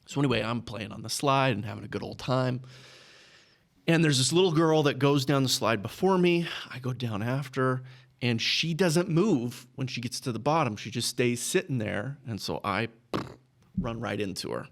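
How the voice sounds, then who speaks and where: A Texas business owner appearing as a podcast guest tells a casual story in an expressive, medium-pitched voice at normal speed. He chuckles through his anecdotes and keeps checking in with "right?"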